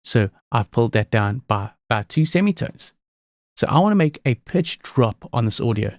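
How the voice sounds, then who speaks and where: Man, software tutorial presenter, calm step-by-step explaining, medium pitch, dry close sound. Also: moderate pace, no echo. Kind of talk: screen-recorded software tutorial.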